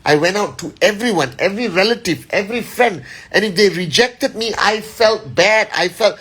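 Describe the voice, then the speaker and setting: A man's voice: high-pitched, lively intonation, moderate pace, few pauses, fairly bright tone, breathy edge. A middle-aged man giving a motivational live address as a company leader, emphatic and rallying, often checking in with "all right?".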